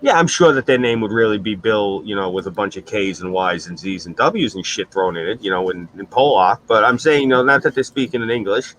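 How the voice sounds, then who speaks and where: A middle-aged man, hosting a stream with crude, animated storytelling. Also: on the low side, brisk, hardly any pauses, slight background noise, poor audio. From New York. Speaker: stream host. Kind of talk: casual profane chat.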